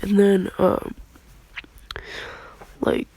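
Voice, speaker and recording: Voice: mid-range voice, monotone, drawn-out words, creaky, dark tone, in a whisper. A young adult with a congested voice, rambling through an improvised fan story in slangy casual talk. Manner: rambling, slangy, often breaking into laughter.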